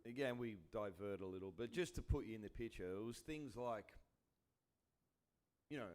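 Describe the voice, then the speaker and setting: Earnest Australian pastor hosting a chat. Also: male voice, lowish voice, moderate pace, darkish tone. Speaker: pastor and interviewer. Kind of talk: casual church interview.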